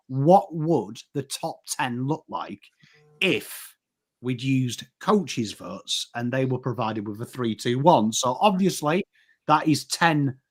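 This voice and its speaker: An English man co-hosting a casual football chat, animated and rambling, often restarting his sentences. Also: medium pitch. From England. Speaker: co-host.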